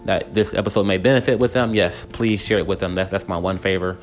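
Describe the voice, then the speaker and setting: Guy doing a faith-y encouragement podcast, lowish voice, stumbles and repeats a lot. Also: steady tone, quick pace, few pauses, soft background music. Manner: earnest, repeats words, many fillers and restarts. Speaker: podcast host. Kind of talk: reflective motivational podcast talk.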